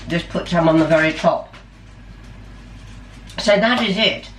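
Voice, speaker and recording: A woman's voice: lowish voice, measured pace. A middle-aged woman in a casual cooking vlog, chatty and self-deprecating, talking enthusiastically about her food at home. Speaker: vlogger. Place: home kitchen. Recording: roomy, distant camera sound with faint background hum.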